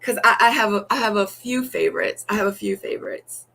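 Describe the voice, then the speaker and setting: A woman's voice: mid-range voice, brisk. A young adult woman chatting as a guest in an interview, telling stories animatedly and acting out what people say, with lots of "like" fillers. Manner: animated storytelling, acts out quotes, many "like" fillers. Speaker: dating show guest. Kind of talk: casual interview chat.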